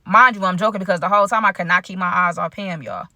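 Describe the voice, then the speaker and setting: Woman, storytime vlogger, slangy, chatty, talks to the chat, bright tone, close dry sound. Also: lowish voice, steady tone, fast talker, no echo. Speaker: content creator telling a story. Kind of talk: casual storytime vlog.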